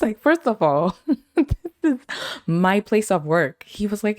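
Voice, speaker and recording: A young woman hosting her own podcast, telling stories from her week in a casual, animated way, laughing often and acting out what people said. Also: mid-range voice, moderate pace. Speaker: podcast host. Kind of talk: casual storytelling.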